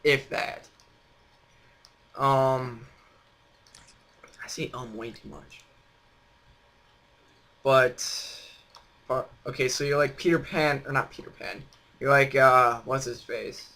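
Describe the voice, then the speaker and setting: A man's voice: mid-range voice, steady tone, takes it slowly, long pauses, bright, forceful tone. A young man hosting a casual chat on a voice call, rambling and teasing with lots of fillers. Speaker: host.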